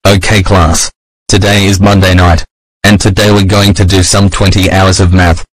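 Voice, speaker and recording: A man's voice: deep voice, level tone, normal speed, slight background noise, lightly acted. A man voicing a strict night-class teacher in a homemade cartoon, reading out the workload. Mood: flat.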